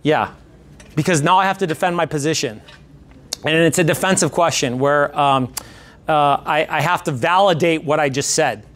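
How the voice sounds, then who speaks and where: A man's voice: a little high, normal speed, fairly bright tone. A man coaching a sales workshop in a training room, speaking energetically and emphatically and repeating key phrases. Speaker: real estate sales coach.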